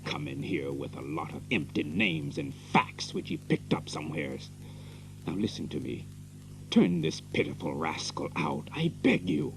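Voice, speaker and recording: An actor playing a blunt small-town doctor who speaks in a stern, accusing manner. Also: male voice, a bass voice, huge pitch swings, a little slow, gravelly, a little hiss or hum, full character voice, low-quality recording. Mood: indignant. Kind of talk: radio play acting.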